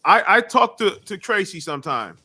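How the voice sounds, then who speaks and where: A high-pitched man with a bright, forceful voice, chatting casually as a guest. He talks emphatically and keeps circling back with profane restarts. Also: big pitch swings, moderate pace. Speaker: guest YouTube creator. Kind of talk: casual chat.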